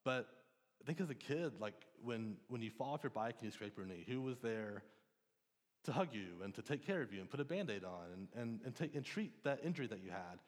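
A man's voice: medium pitch, animated, brisk. A man in his thirties, a pastor giving a conversational, earnest sermon in church. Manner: conversational, earnest, with frequent restarts and ums. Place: church sanctuary. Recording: long reverb of a church hall.

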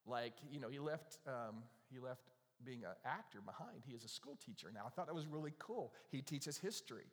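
A man's voice: medium pitch, expressive, fairly quick. A middle-aged man from North Carolina preaching a conversational sermon, asking the congregation questions and acting out quoted asides. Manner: chatty, asks the congregation questions, acts out little quoted asides. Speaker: pastor. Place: church sanctuary. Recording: long reverb of a church hall.

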